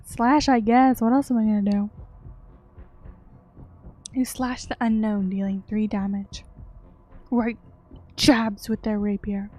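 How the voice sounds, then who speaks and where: A woman's voice: mid-range voice, steady tone, darkish tone. A young woman playing a horror game, reading its text aloud and reacting with yelps and laughter. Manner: reads game text slowly, then yelps and giggles in reaction. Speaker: let's-play streamer.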